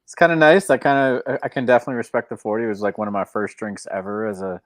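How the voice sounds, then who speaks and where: A man's voice: lowish voice, very fast, dry recording. Laid-back co-host man, dry close voice. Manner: laid-back, laughs easily, teasing. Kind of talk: casual sports betting talk.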